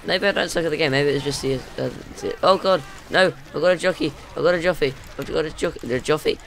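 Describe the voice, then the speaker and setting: Excitable man with a gravelly voice. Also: on the high side, quick pace, hardly any pauses. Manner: excitable, panicky, self-mocking. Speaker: gaming video host. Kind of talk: let's play commentary. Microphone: desk condenser mic.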